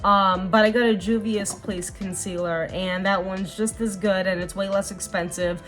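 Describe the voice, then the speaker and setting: A woman's voice: medium pitch, fairly even intonation, normal speed, a bit bright, faint music behind. A young woman vlogger talking earnestly and casually while doing her makeup, rambling with fillers. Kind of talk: casual get-ready-with-me chat.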